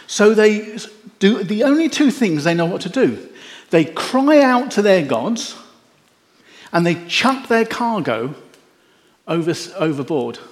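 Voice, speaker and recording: A man preaching a sermon, telling the story in an animated way with wry jokes. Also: high-pitched, a little slow, pauses often. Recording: echoey hall.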